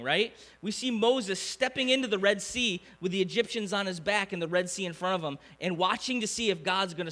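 A man, preaching a conversational sermon full of questions to the congregation. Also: high voice. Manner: animated, conversational preaching with rhetorical questions to the crowd. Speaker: pastor.

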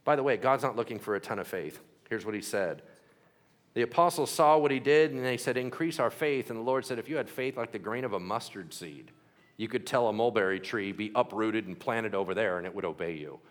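A man's voice: fairly low pitch, fairly quick. A man preaching a sermon to a congregation, joking and acting out quoted voices. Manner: animated, jokey, acts out quoted voices. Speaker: pastor.

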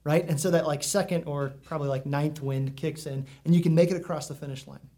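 A man's voice: fairly high pitch, fairly even intonation, a little fast, warm tone. Conversational man preaching a sermon. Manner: conversational preaching with many asides. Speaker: pastor.

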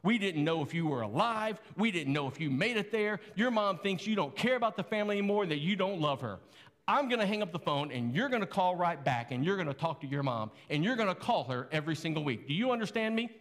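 A man's voice: high-pitched, expressive, fast talker, a bit bright, in a large hall. A man doing a stern scolding dad. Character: stern angry father scolding his grown son.

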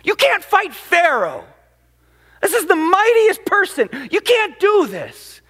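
A man's voice: extremely high pitch, huge pitch swings, slow pace, pushed and bright, pitched above the performer's own voice, heavily acted. A preacher acting out a man pleading with God, incredulous and exasperated. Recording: long hall reverb.

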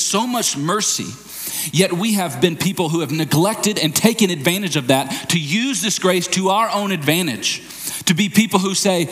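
A man preaching a sermon as pastor, explaining a scripture passage and acting out bits of dialogue in a raised, excited voice. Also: on the high side. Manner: animated, acts out dialogue in raised voice.

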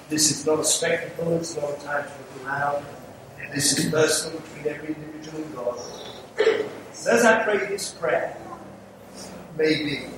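Older English evangelist in an echoing church. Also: male voice, fairly high pitch. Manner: earnest, pleading, with light humour. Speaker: visiting evangelist. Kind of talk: evangelistic sermon with altar call. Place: church sanctuary. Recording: echoey church from a distance, noisy.

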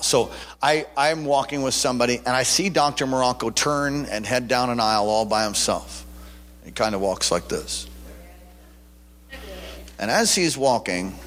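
A man preaching a sermon, telling a story with animated quotes and frequent restarts. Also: medium pitch, moderate pace, long pauses, big-room sound, slight background noise. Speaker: pastor.

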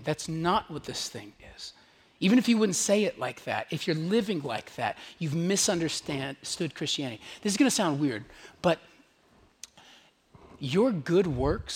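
A man, a pastor, preaching a sermon to his church congregation in a conversational, emphatic way, sometimes dropping to a hush. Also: fairly high pitch, slight background noise. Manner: conversational, emphatic, drops to hushed whispers on key lines.

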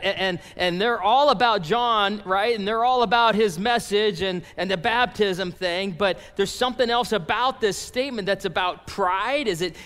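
A pastor preaching with a high, lively voice that rings through a large reverberant hall. He talks to his congregation in a loose, animated way and slips into voices for the people in his story. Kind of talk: sermon.

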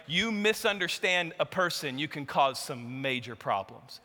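A man preaching a sermon, telling a story with animated, emphatic delivery. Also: high voice. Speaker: pastor. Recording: long hall reverb.

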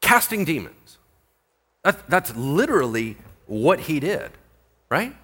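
A man's voice: sits high, measured pace. A male pastor preaching a casual, conversational sermon, acting out scenes as he goes. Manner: animated, conversational, acts out scenes.

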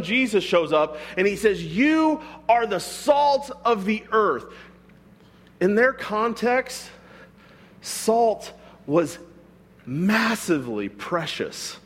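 A man's voice: on the high side, breathy edge. A man, a pastor, preaching a sermon in a conversational way, with frequent rhetorical asides to his congregation.

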